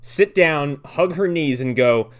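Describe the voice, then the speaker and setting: A man's voice: a little high, expressive, slow. A man co-hosting a casual movie review podcast, making wry, sarcastic remarks about the film. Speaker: podcast co-host.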